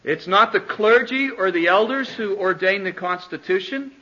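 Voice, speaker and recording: A man teaching a church congregation, speaking deliberately, restarting phrases and putting questions to his listeners, on a dull lo-fi recording. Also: high voice, pushed and bright. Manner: deliberate, repeats words, questions the audience. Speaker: pastor teaching a church class.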